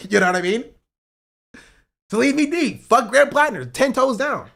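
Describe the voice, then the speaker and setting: A man ranting on a livestream about politics. He swears, says "bro" and repeats himself, swinging between loud outbursts and muttering. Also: extremely high pitch, lively intonation, moderate pace, gravelly. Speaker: streamer. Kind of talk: heated political rant on a livestream.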